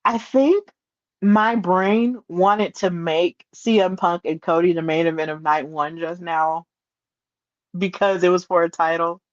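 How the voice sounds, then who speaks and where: A woman hosting a solo podcast, retelling events in an excitable, animated way with playful asides. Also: lowish voice, unhurried, no echo, highs cut off. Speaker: podcast host.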